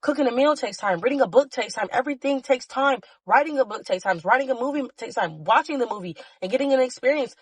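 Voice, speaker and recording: On her own solo podcast, a woman delivers a passionate, blunt motivational monologue, emotionally preaching at listeners and swearing freely. Her voice is fairly high and husky with lively intonation, and she speaks fast with hardly any pauses. There is no room sound.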